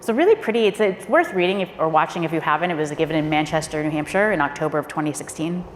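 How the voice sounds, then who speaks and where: A woman's voice: sits low, expressive, racing, slight background noise. Woman speechwriter on an echoey panel stage. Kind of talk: panel discussion storytelling. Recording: echoey hall with faint ambience.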